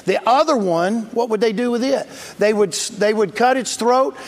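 A man with a strikingly high voice preaches to his congregation, emphatic and plain-spoken. He calls out for responses and leans into key words. The sound carries the long reverb of a large church sanctuary. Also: moderate pace. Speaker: pastor. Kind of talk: sermon.

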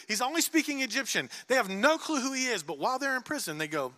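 Male preacher, high and sharply bright, storytelling sermon, hushed to shouting, long church-hall reverb. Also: lively intonation, quick pace, few pauses. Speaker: pastor.

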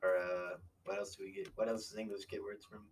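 A man's voice: low voice, level tone, fast talker, husky. A young American man in casual chat with friends, joking and laughing often. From United States.

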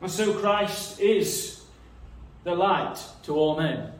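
A man's voice: sits high, animated, slow pace. A man preaching a sermon in an earnest, reasoning way, often repeating words as he thinks. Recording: echoey room, mic some distance away.

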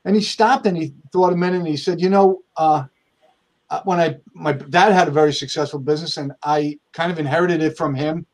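A man's voice: a little high, fairly quick, a little mellow. A man from the United States, a firm owner, telling stories in an interview, talking conversationally with many restarts and acting out quoted dialogue. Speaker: accountant and firm owner, guest. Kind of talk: storytelling interview answers.

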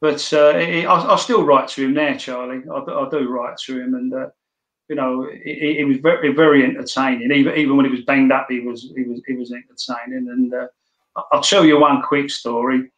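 A man's voice: medium pitch, steady tone, a little fast, a bit bright, highs cut off. A middle-aged man, telling his story as a guest in a casual, blunt way, swearing often and stumbling over restarts. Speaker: interview guest. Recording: echoey room.

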